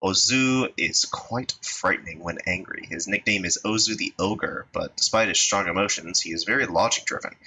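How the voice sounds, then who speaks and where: A man reading a visual novel aloud with expressive, lightly comic narration. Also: sits low, husky, rough recording. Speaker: let's-play reader.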